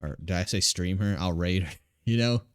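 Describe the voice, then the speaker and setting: A man's voice: sits low, normal speed, clean tone, dry recording, studio quality. A male streamer chatting casually and playfully as he wraps up a live game stream. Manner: rambling, playful.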